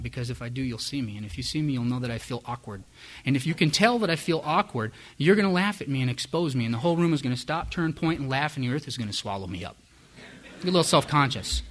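A man's voice: mid-range voice, a bit bright. A middle-aged man candidly telling his own recovery story to a live audience, self-mocking and frank. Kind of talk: personal testimony to a live audience.

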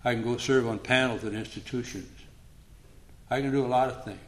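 A man's voice: mid-range voice, steady tone, brisk. An older man speaking at a recovery meeting, telling his story in a plainspoken, humorous way. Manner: humorous, plainspoken, acts out past conversations.

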